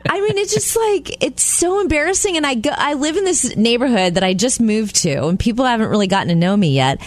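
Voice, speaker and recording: A woman radio co-host with a slightly high voice that rises and falls widely as she talks. She chats casually and laughs her way through stories. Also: lively intonation, brisk, no room sound. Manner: chatty, laughing storyteller.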